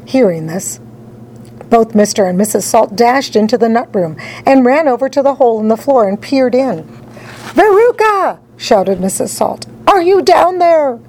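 A woman narrating a children's story in an expressive read-aloud style. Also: a little high, normal speed, a little hiss or hum, low-quality recording. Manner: animated, dramatic storytelling.

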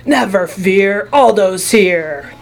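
A woman's voice: on the high side, very animated, moderate pace. A woman voicing a cheerful, friendly male janitor with a hearty, upbeat way of talking, for a storybook.

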